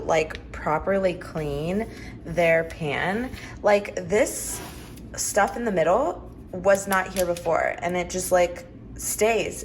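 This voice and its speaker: This vlogger has a lowish voice and talks to her audience in a relaxed daily vlog, leaning heavily on "like" as a filler. The audio quality is poor, with noticeable noise in the background.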